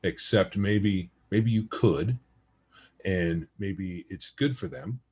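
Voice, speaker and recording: Real deep raspy guy, blunt opinions, kinda dull lo-fi audio. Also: slow, a little mellow. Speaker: podcast co-host. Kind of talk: casual podcast chat.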